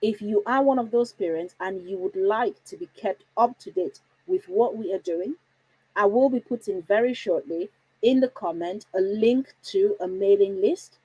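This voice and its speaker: A woman's voice: mid-range voice, lively intonation, normal speed, mellow, breathy edge, no room sound, dull audio. A woman hosting a parenting livestream from home, chatty and reassuring, often putting questions to her viewers. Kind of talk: casual livestream talk.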